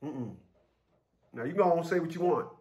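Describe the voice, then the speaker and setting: A man's voice: fairly high pitch, very fast, a little mellow. A man ranting to his viewers in a blunt, profane, storytelling way, sharing his experiences in custody court. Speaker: vlogger giving custody advice. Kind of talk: casual rant to camera.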